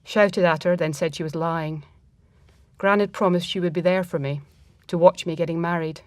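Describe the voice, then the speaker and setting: Low-voiced woman reading a story. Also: steady tone, dry recording. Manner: reflective, measured. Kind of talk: first-person story reading.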